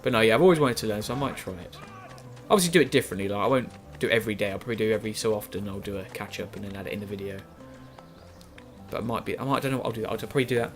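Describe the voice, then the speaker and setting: A man's voice: lowish voice, racing. Young man, casual let's-play chatter, rambling and self-correcting, faint game music underneath. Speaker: gaming YouTuber.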